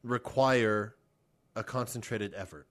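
A man in casual chat with a friend, talking in a deliberate, musing way. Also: lowish voice, fairly bright tone.

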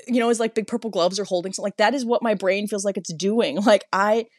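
A young adult woman co-hosting a casual podcast chat, talking quickly, cutting herself off and acting out quoted dialogue. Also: medium pitch, no echo, studio quality. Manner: fast, self-interrupting, acts out quoted dialogue. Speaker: podcast co-host.

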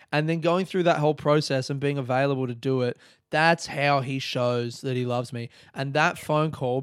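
Young man, solo podcast host: loose, rambling delivery, swears a lot, breaks into laughs. Smooth, clean voice, dry close-mic sound. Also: medium pitch, no echo. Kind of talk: casual solo podcast talk.

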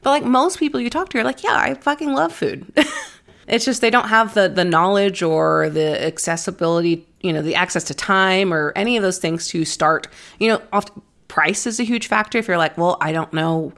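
A woman's voice: medium pitch, brisk, fairly bright tone. A woman co-hosting a casual podcast chat, swearing freely, saying "like" a lot and laughing often. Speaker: podcast co-host.

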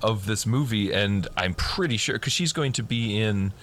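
A man in his thirties with a fairly low voice, chatting loosely about movies, quick to laugh and to curse. There is a faint hiss in the background. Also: animated, fairly bright tone. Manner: laughing, loose, profane storyteller. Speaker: podcast co-host. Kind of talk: casual movie-review chat.

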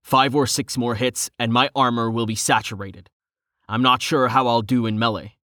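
A man's voice: medium pitch, steady tone, normal speed, sharp tone, no room sound, natural voice. Brash armored young hero voiced by a male narrator, blunt, urgent, dry sound. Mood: tense.

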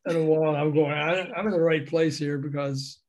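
Older man from the South, slightly high voice, a storyteller who acts out the voices in his tales. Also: a little fast. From American South. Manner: animated, acts out the voices in his stories, laughs often. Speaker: guest recounting a music industry career. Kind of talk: anecdotal storytelling in an interview.

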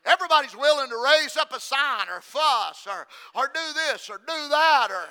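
A man preaching a sermon, shifting from shouted lines to hushed, near-whispered ones and repeating phrases for emphasis. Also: extremely high pitch, lively intonation, normal speed.

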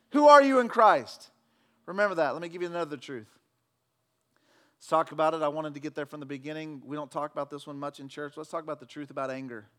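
A pastor preaching a sermon, swinging between loud fervent declarations and relaxed, joking talk with the congregation. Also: male voice, fairly high pitch. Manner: preaching with loud emphatic shouts, then conversational with jokes.

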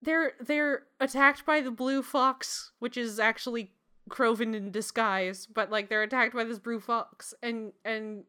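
A woman's voice: a little high, fairly even intonation, measured pace, sharp tone, smooth. A young woman co-hosting a casual chat, laughing often as she jokes along.

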